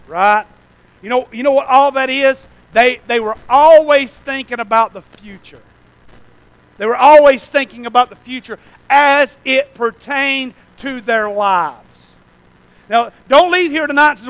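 A man preaching a fervent revival sermon, often calling out "amen?" to the congregation and at times breaking into shouts. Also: moderate pace, poor audio. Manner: breaks into shouts at high points.

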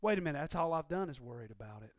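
A man preaching a sermon in a folksy way, dropping to quiet asides and rising to shouted, impassioned peaks. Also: lively intonation, rapid-fire, dry recording, studio quality. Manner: swings from low conversational asides to shouted, impassioned climaxes; folksy, uses ain't and y'all.

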